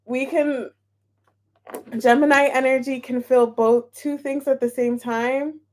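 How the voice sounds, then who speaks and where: A woman's voice: high-pitched, steady tone, slow. A young woman reading tarot and chatting casually with her viewers in a bubbly, laughing way. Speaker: tarot reader. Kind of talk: casual live-stream chat.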